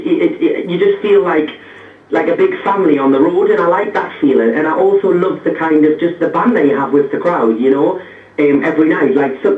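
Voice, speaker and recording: A man's voice: on the high side, distant mic. A young man with a Geordie accent, a pop singer chatting casually as a radio guest, with lots of fillers and restarts. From North East England. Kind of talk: radio interview by phone. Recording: tinny echoey phone line.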